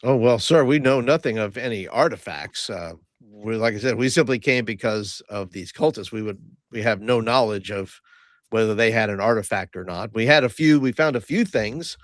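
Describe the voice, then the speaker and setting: A man playing Hobbs, a halting halfling. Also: on the low side, dry recording, clean studio sound, lightly acted. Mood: polite. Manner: halting, full of "uh" fillers, polite. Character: courteous halfling man adventurer, hesitant.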